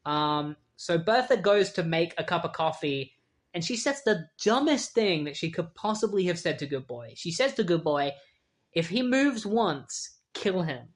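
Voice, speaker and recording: A comic book reviewer recapping a story in an easygoing, chatty way. Their delivery is full of fillers and wry asides, and their voice sits in a plain middle pitch. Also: animated, normal speed.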